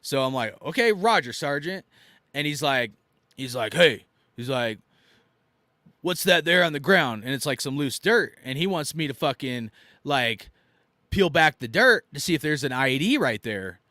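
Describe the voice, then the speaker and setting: A man in his thirties tells army stories in a blunt, profane rant. His voice is bright and tense and jumps up and down in pitch. The sound is close and dry. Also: expressive, moderate pace, no room sound. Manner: blunt and profane, swinging from loud outbursts to low asides. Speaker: army veteran commentator.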